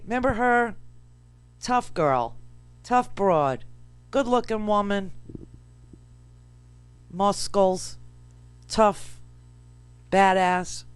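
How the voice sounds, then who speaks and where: A woman from New York hosting political talk radio, sarcastic and animated, full of rambling asides. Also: mid-range voice, clean tone, no echo.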